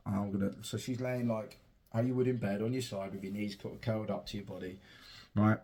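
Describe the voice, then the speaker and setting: A man's voice: lowish voice, steady tone, brisk, dark tone, breathy edge. A young father casually telling a heartfelt personal story and swearing freely. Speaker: father and podcast host.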